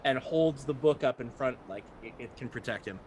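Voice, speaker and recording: A man's voice: mid-range voice, moderate pace, darkish tone, slight background noise. A man narrating as game master in a rambling way with many fillers.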